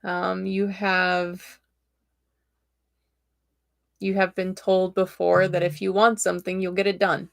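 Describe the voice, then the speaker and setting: A woman's voice: lowish voice, completely flat delivery, takes it slowly, vocal fry, pauses often. A woman host giving live-streamed tarot readings in a chatty, direct and encouraging way, with a tickle in her throat.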